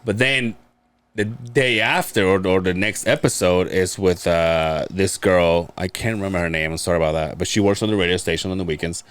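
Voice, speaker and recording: A man's voice: deep voice, fairly even intonation, a little fast, clear, resonant tone. A man co-hosting a casual podcast, telling stories in a rambling way with frequent laughter and stumbles. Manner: rambling, laughs often, stumbles over words. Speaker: podcast co-host. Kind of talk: casual chat.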